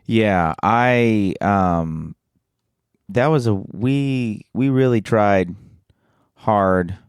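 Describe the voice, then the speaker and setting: A man's voice: fairly low pitch, very slow, clean tone, no echo, studio quality. A man co-hosting a podcast in casual chat, trading playful, goofy banter. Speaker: podcast co-host.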